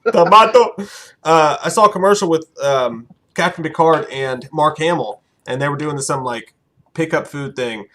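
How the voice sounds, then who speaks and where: A man co-hosting a live stream, reading viewer messages in relaxed, profane chat. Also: a little high, moderate pace, a little hiss or hum. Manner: laid-back, profane, reads viewer messages. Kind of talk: casual live-stream banter.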